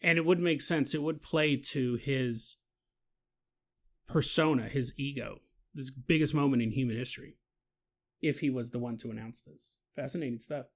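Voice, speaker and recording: A man hosting a podcast, telling a story in a chatty, animated way with laughs and asides. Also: medium pitch, normal speed. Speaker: podcast host. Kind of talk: casual storytelling monologue.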